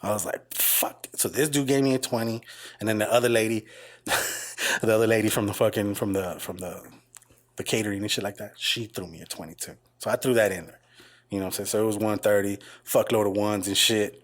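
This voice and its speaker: A man co-hosting a podcast, telling long, profanity-laced stories in casual chat and mimicking other people in high voices. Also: steady tone, a little fast. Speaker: podcast co-host.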